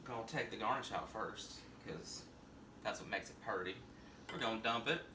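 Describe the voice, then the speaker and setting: A man's voice: on the low side, normal speed, heavy background noise. A man from Tennessee, hosting a camp, rambling, crude comic drinking-game video from his bedroom. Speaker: vlog host. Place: bedroom at home.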